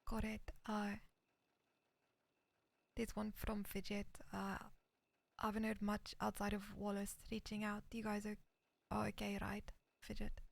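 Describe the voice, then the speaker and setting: Soft-spoken woman with vocal fry. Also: mid-range voice, monotone, a little slow, pauses often, no room sound. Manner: reads messages aloud, often dropping into a whisper. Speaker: roleplay streamer. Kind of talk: in-character western roleplay chat.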